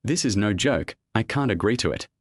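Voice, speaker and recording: A man's voice: fairly low pitch, lively intonation, a little fast, no echo. A man reading as a hot-tempered scornful young woman. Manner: sharp, scolding.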